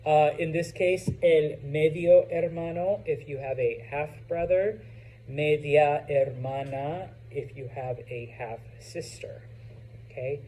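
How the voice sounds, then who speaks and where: A man's voice: on the high side, fairly even intonation, takes it slowly, dark tone, poor audio. A man teaching a Spanish vocabulary lesson to a class, chatty, with joking asides and frequent "okay?" check-ins.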